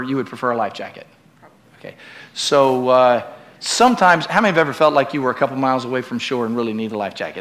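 A middle-aged male pastor preaching a sermon in a church, swinging from loud, emphatic preaching to relaxed, joking asides with the congregation. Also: medium pitch.

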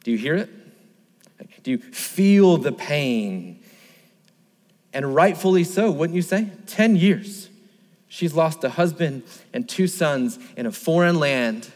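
A man's voice: a little high, lively intonation, slow pace, a little mellow, big-room sound. A male pastor preaching a sermon, emphatic and repetitive, asking the listeners rhetorical questions.

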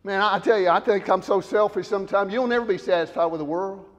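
High-voiced preacher in an echoing hall. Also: male voice, quick pace. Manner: swings from loud shouted emphasis to low quiet asides. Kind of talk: sermon.

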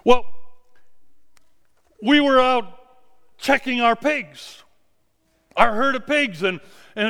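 High-voiced, halting preacher man. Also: vocal fry, bright, forceful tone, clear, resonant tone, big-room sound. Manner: halting, repeats words as he retells. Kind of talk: first-person storytelling sermon.

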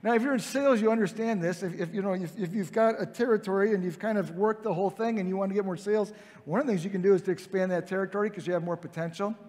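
High-voiced preacher in an echoing hall. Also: male voice, rapid-fire, darkish tone. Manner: conversational, acts out the scene with quoted voices. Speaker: pastor. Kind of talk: sermon. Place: large hall with heavy reverb. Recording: reverberant hall sound.

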